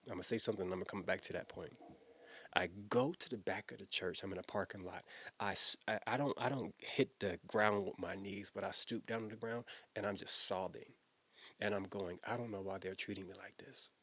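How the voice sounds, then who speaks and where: A man with a low, slightly husky voice tells a personal story directly and earnestly, his words tumbling and repeating as emotion rises. He speaks like a former youth pastor talking plainly to his viewers. The sound is dry and close, with no room around it. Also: fairly even intonation, brisk, fairly bright tone, no echo. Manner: earnest, emotional, conversational with repetitions.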